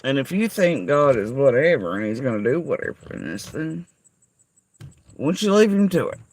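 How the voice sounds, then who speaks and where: A man's voice: medium pitch, big pitch swings, moderate pace, poor audio. A man delivering an angry, profane, sarcastic rant straight to someone he calls out. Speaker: vlogger. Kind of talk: angry ranting monologue.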